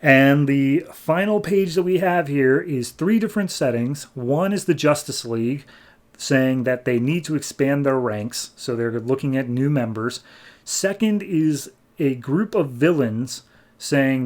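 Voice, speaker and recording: A man from the United States hosting a podcast, casually recapping and reviewing comic book issues, jumping into quick character voices as he retells scenes. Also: medium pitch. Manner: animated retelling, voicing characters in quick bursts.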